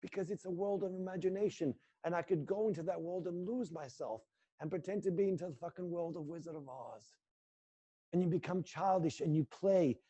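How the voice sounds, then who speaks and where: A man's voice: high-pitched, brisk, mellow, slightly rough, lo-fi sound. A middle-aged man teaching acting, leading a guided exercise in a live class with an intense, coaxing manner and free swearing.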